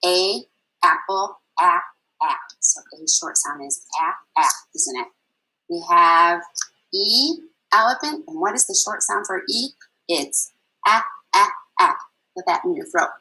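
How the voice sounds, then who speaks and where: Bright, breathy encouraging teacher woman. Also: medium pitch, low-quality recording. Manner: patient, encouraging, sing-song, addresses listeners as friends. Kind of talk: online lesson for young children.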